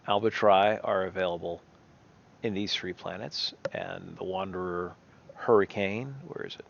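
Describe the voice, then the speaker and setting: Low-voiced man rambling over gameplay. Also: creaky, muffled recording. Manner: rambling, self-correcting, thinking aloud. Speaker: gameplay commentator. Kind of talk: casual game commentary.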